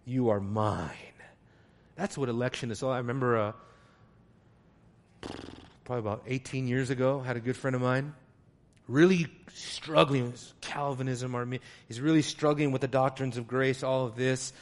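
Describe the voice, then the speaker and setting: A man preaching an expository sermon, emphatic and rising to loud exclamations as he reads scripture. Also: mid-range voice, steady tone, normal speed.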